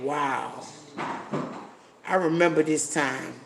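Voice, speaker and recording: A man with a high voice talks slowly and bluntly on a livestream, swearing freely and thanking viewers by name. A faint hiss of noise sits under his voice. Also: fairly even intonation, gravelly. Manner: blunt, profane, reads viewer comments aloud. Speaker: livestream host. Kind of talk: casual livestream chat.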